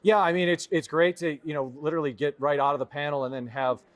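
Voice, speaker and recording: A middle-aged man being interviewed at a conference, speaking in a thoughtful, halting way with many restarts. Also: fairly high pitch, fairly even intonation. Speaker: award-winning guest. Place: conference venue.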